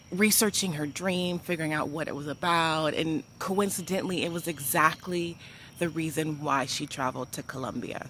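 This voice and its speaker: A woman vlogger telling a personal story to camera in an animated, chatty way, full of "like" and speaking to viewers as "y'all.". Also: low-pitched, slight background noise.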